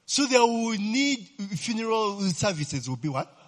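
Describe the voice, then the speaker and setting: A man's voice: high voice, unhurried. A man preaching a sermon, constantly checking on his listeners with "eh?" and questions. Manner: lively, keeps checking the listeners with "eh?" and quizzing them.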